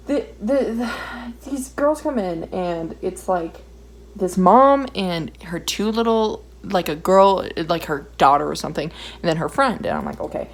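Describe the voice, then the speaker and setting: A woman's voice: medium pitch, lively intonation, moderate pace, darkish tone, rough recording. A young woman telling a story while she draws, ranting and swearing in an exasperated, casual way. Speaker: vlogger.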